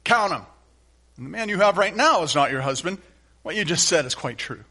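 A man's voice: high-pitched, lively intonation, a little fast, heavily acted. A man preaching a sermon voices a sarcastic, shaming man who mocks as he counts things out. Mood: mocking. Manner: mocking, counting out loud.

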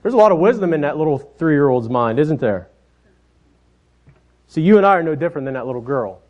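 A man in his thirties preaching a sermon, telling family stories in a folksy way, often dropping softer at the ends of his phrases. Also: fairly high pitch, sing-song, fairly quick. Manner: folksy storytelling, trailing off softly at phrase ends. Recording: dull lo-fi sound.

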